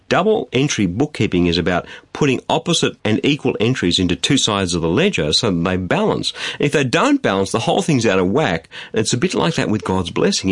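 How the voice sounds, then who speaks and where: A man preaching a sermon in an emphatic, animated way, repeating phrases for stress. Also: medium pitch, no room sound. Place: studio.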